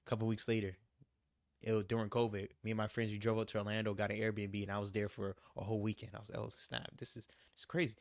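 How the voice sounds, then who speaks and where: A man's voice: lowish voice, monotone, fast talker, no echo, studio quality. A young man vlogging about his travels, talking to viewers in a casual, emphatic, repetitive way as he gives motivational advice. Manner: emphatic, repeats his points, says "you gotta" a lot. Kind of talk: casual motivational vlog talk.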